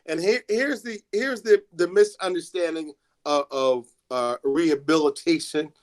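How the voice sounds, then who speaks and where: Halting man, slightly raised pitch. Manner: halting, many restarts and fillers. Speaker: student assistance coordinator. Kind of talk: classroom talk to students.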